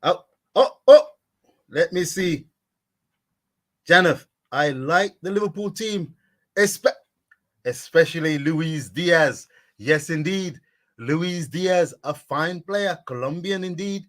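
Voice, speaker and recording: Guy doing a sports live stream, kinda high voice, talks to the chat by name, preachy. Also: slow pace, pauses often, fairly bright tone. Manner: preachy, repeats catchphrases, addresses viewers by name. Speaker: sports vlogger. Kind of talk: live-stream chat reading viewer comments.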